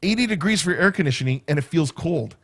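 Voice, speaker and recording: Fast and lively in intonation, a slightly high male voice with a fairly bright, slightly rough tone hosts a relaxed livestream from a room at home. He chatters and rambles, with "right?" capping his sentences.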